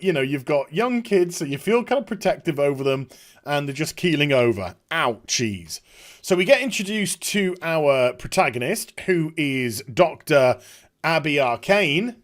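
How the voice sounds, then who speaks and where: A middle-aged man giving casual, sarcastic commentary on a trailer, with chuckling asides. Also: on the high side. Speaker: YouTube commentator.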